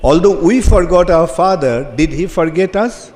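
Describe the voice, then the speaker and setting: A man's voice: a little high, a little mellow. A man giving a sermon as a spiritual teacher, asking his audience questions as he speaks. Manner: slow, asks the audience questions. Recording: long reverb from a hall, faint ambience.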